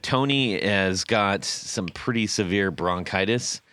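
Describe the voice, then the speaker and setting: Upbeat male podcast host, bright tone. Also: on the low side, takes it slowly, clean tone. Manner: upbeat, thankful sign-off patter. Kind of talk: casual chat.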